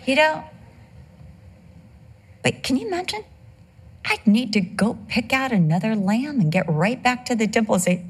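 A woman's voice: a little high, expressive, normal speed, husky. Woman preaching a conversational sermon. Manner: conversational, tells humorous personal anecdotes.

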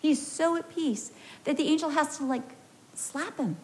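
An American woman preaching, her voice sitting a little on the high side. She tells stories emphatically, dropping in humorous asides as she goes. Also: steady tone, a little fast, slight background noise. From United States. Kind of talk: sermon.

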